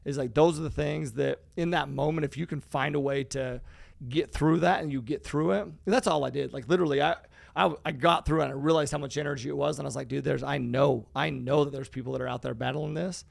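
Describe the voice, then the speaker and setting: A man with a raspy, creaky voice that sits a little high, co-hosting a motivational podcast. He talks with casual, emphatic conviction and curses now and then. The recording is dry and close, with no room sound. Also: fairly even intonation, fast, dry recording. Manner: emphatic, casual, swears freely. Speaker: podcast co-host.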